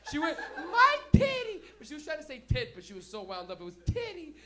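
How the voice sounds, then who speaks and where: A young man hosting a comedy night and telling stand-up stories in a loud, profane way, breaking into laughter, in a small club. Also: high voice, expressive, racing. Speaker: comedy host. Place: small smoky comedy venue.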